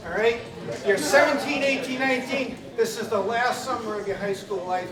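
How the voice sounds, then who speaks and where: Male teacher, graduation speech, energetic crowd-leading, roomy hall, distant mic. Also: extremely high pitch, normal speed. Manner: energetic, leads the crowd in cheers. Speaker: economics teacher.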